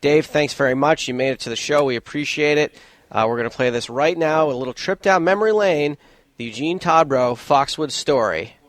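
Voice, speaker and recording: A man's voice: on the high side, fairly quick. A man hosting a radio show, talking in a laid-back, joking way. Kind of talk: casual radio chat.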